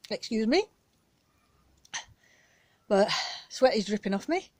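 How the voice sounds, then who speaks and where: A woman's voice: on the high side, big pitch swings, very slow, no room sound. A British woman chatting casually in her garden as she films herself on a handheld phone, talking in a rambling, down-to-earth way. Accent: British English. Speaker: gardening vlogger. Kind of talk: casual chat. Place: outdoor back garden.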